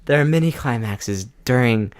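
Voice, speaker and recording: Young male podcast co-host, animated and teasing, laughs often, lively pitch. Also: normal speed, clean tone. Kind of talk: casual podcast chat.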